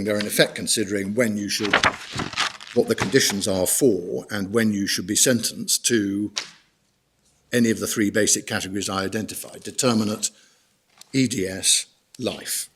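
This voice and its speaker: Formal barrister, low voice. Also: male voice, fairly bright tone, a little hiss or hum. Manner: measured, formal, guides the bench through documents. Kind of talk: courtroom legal argument. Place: court hearing room.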